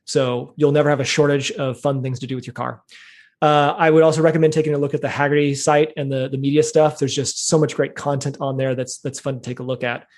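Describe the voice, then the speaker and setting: A man in his thirties, a podcast guest, talking in a thoughtful, measured way with plenty of fillers. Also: mid-range voice, level tone, darkish tone. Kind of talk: casual interview talk.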